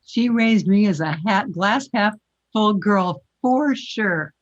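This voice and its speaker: A woman in her seventies, a former morning TV host, telling lively anecdotes as a guest and laughing often. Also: mid-range voice, slow pace, dull audio. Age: 70s. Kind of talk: storytelling interview chat.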